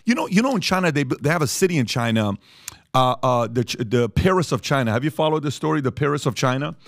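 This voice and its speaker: A man's voice: medium pitch, expressive, fast talker, no echo. A man hosting a studio talk show, speaking casually and animatedly, repeating himself for emphasis with many fillers. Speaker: podcast host.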